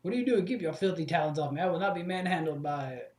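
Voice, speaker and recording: Guy doing a stuck-up official who is fed up with everyone, quick scornful lines, roomy echo. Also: a little high, expressive, darkish tone, lightly acted. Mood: outraged. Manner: indignant, clipped and scornful. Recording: echoey room.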